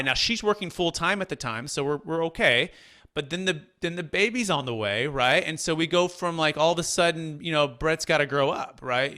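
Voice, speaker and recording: Man, thirties, from Northern California, real estate broker, energetic storytelling, bright tone, somewhat high pitch. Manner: energetic, repeats words when restarting. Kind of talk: conversational storytelling.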